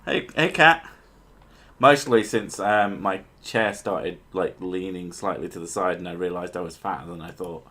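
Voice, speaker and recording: A man's voice: deep voice, steady tone, moderate pace, hardly any pauses, a bit bright. A man hosting a podcast, trading crude jokes in casual chat. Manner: crude, joking banter with bursts of silly voices. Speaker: podcast host.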